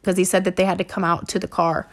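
A woman hosting a podcast, telling her own story in a casual, halting way, full of fillers and swearing. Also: lowish voice, flat delivery. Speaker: podcast host. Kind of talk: personal storytelling monologue.

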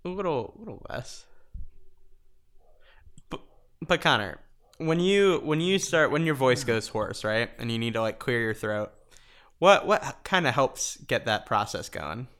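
Chatty podcast guy, bright crisp voice, laughs a lot, lots of ums. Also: medium pitch, expressive, a little slow, pauses often. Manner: chatty, laughs often, many fillers. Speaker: podcast co-host. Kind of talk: casual chat.

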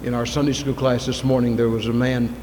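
A man preaching a sermon in a church, moving from soft, intimate asides to loud, fervent appeals. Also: mid-range voice, level tone, brisk. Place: church sanctuary. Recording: long reverb, faint ambient noise.

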